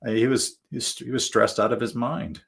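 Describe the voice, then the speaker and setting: A man's voice: medium pitch, steady tone, a little fast, vocal fry, a bit bright, husky. A male guest telling stories in a casual, rambling way, full of fillers and restarts. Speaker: guest author. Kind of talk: casual storytelling.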